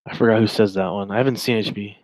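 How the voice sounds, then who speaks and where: Man, twenties, low voice, rambling sarcastic commentary, dry close sound. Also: fairly even intonation, fast, a little mellow, no echo, rough recording. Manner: rambling, chatty, sarcastic asides. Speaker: commentator reading a chat log. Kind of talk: casual reaction commentary.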